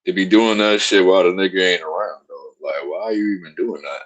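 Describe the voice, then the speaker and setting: A man's voice: low voice, fairly even intonation, a little fast, breathy edge. A man reacting and joking in crude casual chat, co-hosting a podcast. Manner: profane, laughing reactions. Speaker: podcast co-host.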